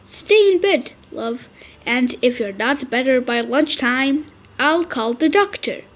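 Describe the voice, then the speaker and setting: A woman doing a gentle caring mum. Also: high voice, expressive, slow, full character voice. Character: kindly mother caring for a sick son.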